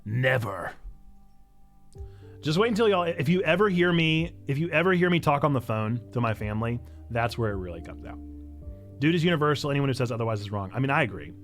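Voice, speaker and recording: A pastor from Illinois with a Northern Illinois accent, chatting casually on a livestream and answering chat in a playful, self-mocking way. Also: male voice, mid-range voice, expressive, fairly quick, soft background music. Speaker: pastor and streamer.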